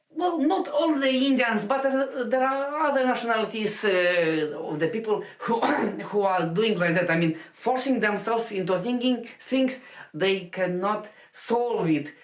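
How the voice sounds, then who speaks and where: Speaking from a room in her home, a stand-up comedian shares a relaxed story in a mid-range voice. She talks slowly and stumbles often, with plenty of fillers and restarts, and the recording sounds spacious and roomy.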